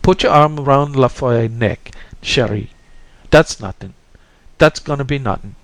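A man putting on a strong, frightened Creole woman from a storybook reading, her voice pushed up high and loud as she pleads in broken French and English. The urgency never lets up, and the sound is close and dry with no room around it. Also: measured pace, no echo, close to an everyday voice. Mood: reassuring.

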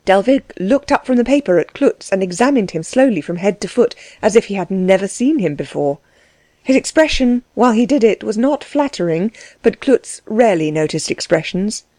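This is audiobook narration by a woman of medium pitch, delivered with measured, expressive storytelling. The recording is dry.

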